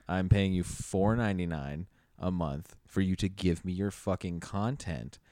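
A young man co-hosting a casual movie-review podcast, loud and profane, ranting freely between jokes. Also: low-pitched, a little slow, no room sound, clean studio sound. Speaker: podcast co-host.

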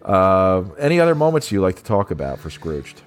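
A low-pitched man chatting casually about a favourite film, with faint synth music behind him. He laughs often and slips into playful bits of the film's dialogue, with a loose, rambling flow. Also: sing-song, a little fast. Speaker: podcast co-host. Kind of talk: casual film review chat.

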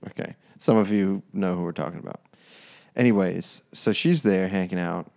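A man, a podcast guest, telling stories in an animated, casual way with many restarts. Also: low voice, normal speed, gravelly. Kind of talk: casual chat.

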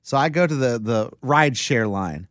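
A man's voice: medium pitch, normal speed, no echo, studio quality. A man telling a story in casual chat, acting out the other people's lines in voices. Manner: animated, acts out dialogue in voices.

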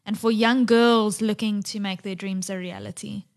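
A woman's voice: mid-range voice, fairly even intonation, normal speed, creaky. A woman hosting a podcast interview who asks her guest earnest, moved questions. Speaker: podcast host. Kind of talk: interview chat.

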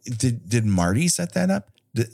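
A man's voice: medium pitch, big pitch swings, unhurried, vocal fry, warm tone. A man co-hosting a podcast, chatting casually about a movie with sarcastic, profane jokes and mocking put-on quotes. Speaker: podcast co-host. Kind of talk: casual movie-review chat.

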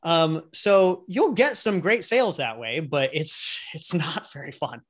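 A man's voice: a little high, measured pace, breathy edge. A man, a guest entrepreneur and coach, talking casually in an interview and acting out little scenes as he explains. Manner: animated storyteller who acts out little scenes.

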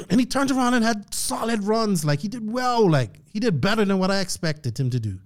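A man's voice: high voice, lively intonation, brisk. Man giving a preachy motivational rant. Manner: preachy, motivational, frequent throat clearing. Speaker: podcast host. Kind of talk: casual podcast rant.

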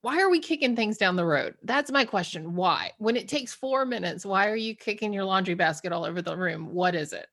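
A woman hosting an interview, telling stories in a chatty, lively way and asking questions. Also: medium pitch, brisk, hardly any pauses. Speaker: podcast host. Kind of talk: casual chat.

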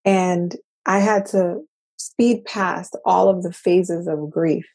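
Woman, mother; dark, slightly breathy tone; earnest, halting personal talk. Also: fairly low pitch, steady tone. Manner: earnest, halting, repeats words. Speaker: mother sharing personal story.

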